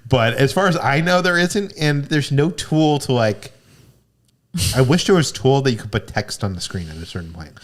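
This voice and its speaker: A young man co-hosting a casual livestream in a relaxed way. He chats and reads viewer comments aloud, at an ordinary, middle pitch for a man. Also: normal speed. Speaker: livestream co-host. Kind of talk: casual chat.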